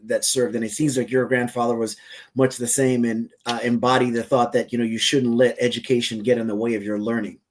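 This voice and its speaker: A man's voice: medium pitch, level tone, a little fast. Reflective male podcast host. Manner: reflective, chatty asides. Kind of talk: podcast interview.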